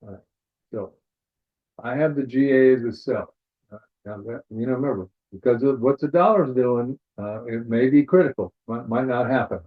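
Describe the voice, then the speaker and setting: A man at a middle pitch talks viewers through his trading charts in a live webinar. His manner is loose and casual: he thinks aloud and fills the gaps with "all right." His voice comes through thin and narrow, like a phone line. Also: moderate pace. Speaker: forex trading instructor. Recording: tinny phone-like webinar audio.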